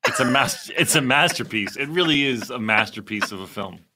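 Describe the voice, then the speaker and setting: A man co-hosting a podcast in casual chat, quick and chatty. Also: medium pitch, lively intonation, noisy background. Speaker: podcast co-host.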